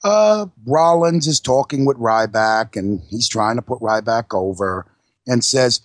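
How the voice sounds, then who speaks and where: A man's voice: mid-range voice, expressive, measured pace, no room sound. A man in a mid-range voice runs through a wrestling recap in loose, casual chat, swearing freely as he goes. The sound is dry and close, with no room around it. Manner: loose, profane, narrating play-by-play. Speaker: podcast co-host.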